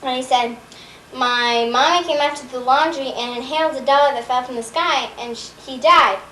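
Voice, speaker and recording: Woman, rambling joke telling, lots of ums, high pitch, echoey and distant. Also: sharp tone, slight background noise. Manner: rambling, halting joke telling with many fillers. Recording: roomy, distant home video recording.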